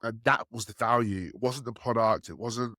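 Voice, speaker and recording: A man speaking at a moderate pace tells relaxed podcast stories about enterprise sales, bringing quotes to life animatedly with a lifted pitch. There's no echo, and the audio is studio quality.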